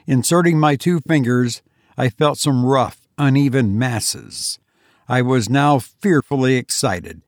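Measured man narrating an audiobook. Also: mid-range voice, no echo, clean studio sound.

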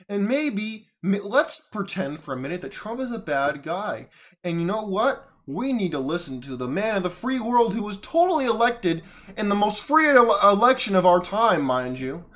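A man's voice: high-pitched, big pitch swings, normal speed, a bit bright. A man from the United States giving solo political commentary as a podcast host, sarcastic and arguing back at the clips he plays.

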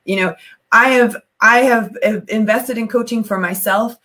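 A woman's voice: fairly high pitch, steady tone, normal speed, pushed and bright. A woman hosting a podcast interview, talking with enthusiasm and rambling through many restarts. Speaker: podcast host. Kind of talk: casual interview chat.

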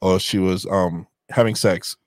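A man's voice: low-pitched, steady tone, unhurried, no room sound. A middle-aged man co-hosting a podcast, telling a long story in casual chat, with loose restarts and voices for the people in it. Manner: rambling, restarts and retells scenes with voices. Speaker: podcast co-host.

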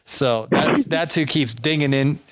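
A man's voice: on the high side, measured pace, dry recording. A man hosting a podcast interview over a remote call, chatty and jokey, rambling with restarts. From United States. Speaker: podcast host. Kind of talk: casual interview chat. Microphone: remote call over a social app.

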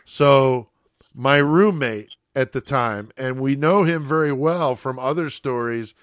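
A man casually telling a profane, animated story as a podcast host, checking in with "okay?" as he goes. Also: mid-range voice, slow, dry recording, studio quality.

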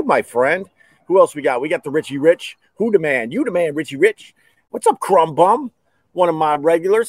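A man's voice: a little high, animated, moderate pace, no echo. A man from the United States hosting a podcast, talking casually in a rambling, sarcastic, wisecracking way. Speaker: podcast host. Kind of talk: casual chat.

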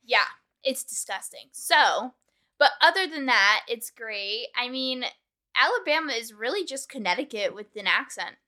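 Young woman from New York, podcast co-host, wry and teasing, bright, somewhat high voice. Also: animated, moderate pace. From New York area, US. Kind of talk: casual chat.

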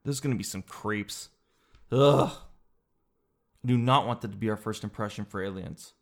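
A male comedian talks alone on his podcast in a casual, rambling way. He jokes freely, swears now and then, and wanders from one bit to the next with animated asides. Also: lowish voice, measured pace, gravelly. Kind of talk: casual solo podcast chat.

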